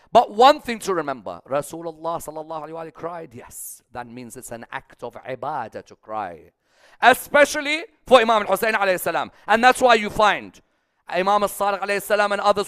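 Emphatic preacher, a man with a lively voice. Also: fairly high pitch, moderate pace, no echo, studio quality. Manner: emphatic, rising to loud peaks then dropping soft; repeats phrases rhythmically, asks the audience questions. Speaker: speaker at a religious gathering. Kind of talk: sermon.

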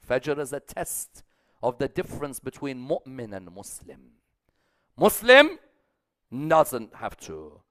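At a religious gathering, a man gives an emphatic sermon, rhythmically repeating phrases and putting questions to his listeners as he climbs to loud peaks and drops back soft. His voice is slightly high, captured in a dry, studio-quality recording.

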